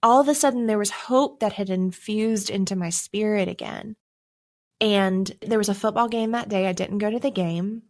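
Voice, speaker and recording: A young adult woman recounts her faith testimony on a podcast in a mid-pitched voice. Her storytelling is emotional and animated, rising sharply in pitch and volume at the key moments.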